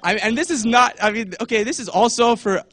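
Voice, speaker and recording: A man's voice: extremely high pitch, fairly quick, fairly bright tone, no echo, studio quality. A young man giving a casual talk at church, chatty, with many fillers, and acting out voices now and then. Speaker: church speaker.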